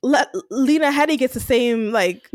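A woman co-hosting a TV recap show in casual chat, animated and quick to act out scenes. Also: high voice, dry recording, clean studio sound. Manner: animated, acts out scenes in quick voices, laughs often. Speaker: podcast co-host.

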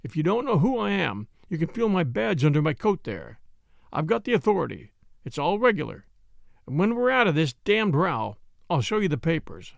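A man voicing a hard male detective who talks low, hushed and clipped. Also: big pitch swings, normal speed, creaky, no echo. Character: hard, exultant male detective, coolly in command. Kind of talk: audiobook character voice.

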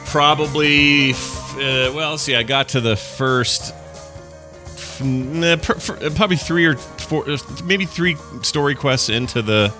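A man's voice: on the high side, slow, over music. A man co-hosting a casual morning chat show, telling rambling stories with many restarts and self-interruptions. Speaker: podcast co-host.

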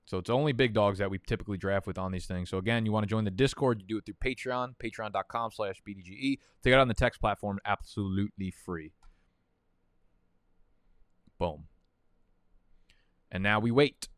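A young man with a lowish voice talks a little fast while hosting a fantasy football draft livestream, chatting casually and rambling off on profane tangents. The recording is dry, with clean studio sound.

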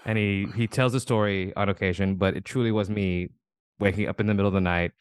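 A male comedian chatting as a podcast guest, quick and self-amused, with chuckling asides. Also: low-pitched, fairly even intonation, clear, resonant tone, no room sound. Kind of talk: casual chat.

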